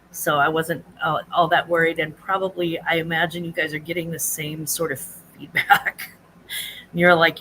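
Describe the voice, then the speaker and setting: Chatty bright-voiced woman livestreaming. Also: steady tone, brisk, a little hiss or hum, low-quality recording. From United States. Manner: chatty, rambling, greets viewers in a high sing-song. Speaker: livestream host. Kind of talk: casual live chat with viewers.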